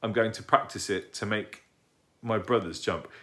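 A man's voice: on the low side, moderate pace, pushed and bright. A man reading aloud and voicing a chatty, bossy little girl who explains things eagerly. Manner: eager, explaining, matter-of-fact.

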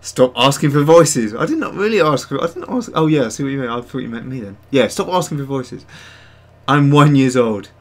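A man's voice: mid-range voice, animated, fast, hardly any pauses. A man hosting a digital sculpting livestream, chatting casually and rambling as he reads out viewers' messages and pokes fun at himself. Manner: rambling, self-mocking, reads chat aloud. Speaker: host of a digital sculpting stream.

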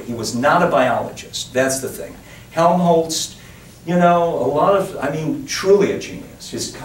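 A man giving a public lecture, talking with digressions and emphatic asides to his audience in a lecture room. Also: mid-range voice. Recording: roomy, distant lecture-hall recording with faint noise.

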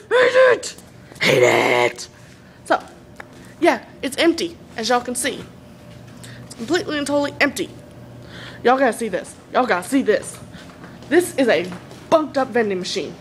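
A woman's voice: high-pitched, expressive, moderate pace, pauses often, a little hiss or hum. A hyper, giggly young woman with a Southern US accent, joking around in a casual vlog inside a college building. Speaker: vlogger.

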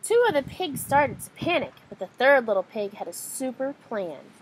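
Animated woman reading a children's story. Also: high-pitched, moderate pace, a little hiss or hum, poor audio. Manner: animated and expressive. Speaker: storybook reader.

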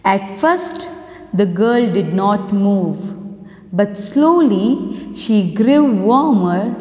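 A woman's voice: medium pitch, animated, a little mellow. A woman teacher with an Indian English accent, reading a story aloud in an online class and stopping to explain words. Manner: reads aloud slowly, stops to explain words. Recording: echoey room with long reverb.

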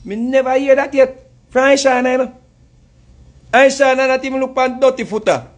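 A Jamaican man rants in a heated, mocking commentary with a very high-pitched voice. He breaks into laughter often and talks in casual patois. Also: normal speed. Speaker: commentary host.

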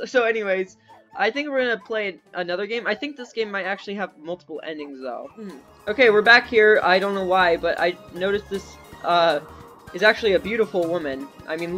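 A man's voice: sits high, bright, forceful tone. A young man doing playful game commentary, giggling often and reading in-game chat aloud in a goofy way. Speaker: gaming YouTuber.

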